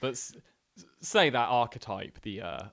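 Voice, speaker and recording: A man's voice: medium pitch, lively intonation, moderate pace, a bit bright. A man who makes YouTube videos, riffing in casual podcast banter and laughing often. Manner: laughing, riffing with mock-quoted voices.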